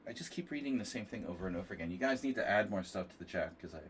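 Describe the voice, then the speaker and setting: Guy with a kinda low nasal voice rambling to chat while streaming chess, sounds a bit far from the mic. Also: lively intonation, very fast, a little hiss or hum. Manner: rambling, self-deprecating asides to chat. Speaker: chess streamer hosting a tournament. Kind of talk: casual livestream commentary while playing.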